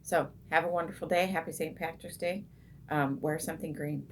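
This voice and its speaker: A middle-aged woman hosting a women's group, talking casually as she teaches meditation, unhurried, with many ums and restarts, going soft and slow when she guides the breath. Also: low voice, fairly even intonation, slight background noise. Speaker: meditation coach and group host.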